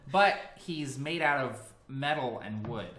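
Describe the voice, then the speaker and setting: A man's voice: mid-range voice, lively intonation, unhurried, bright, forceful tone. A man narrating a tabletop game as game master, loose and hesitant, with many fillers. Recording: echoey room with faint hiss.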